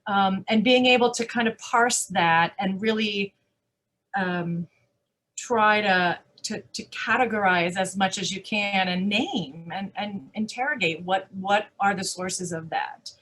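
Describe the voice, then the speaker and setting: A woman conference speaker answering audience questions, animated and emphatic, with rhetorical questions and frequent restarts. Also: mid-range voice, measured pace. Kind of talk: live Q&A answers.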